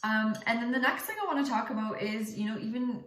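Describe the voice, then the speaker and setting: A woman's voice: on the high side, fast talker, fairly bright tone. A young woman and mother giving earnest, direct advice in casual talk, with many fillers and restarts. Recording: echoey room.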